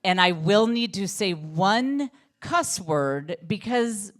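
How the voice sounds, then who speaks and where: Animated middle-aged woman doing stand-up. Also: mid-range voice, slow. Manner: animated, self-deprecating storytelling. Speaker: stand-up comedian. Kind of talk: stand-up comedy set.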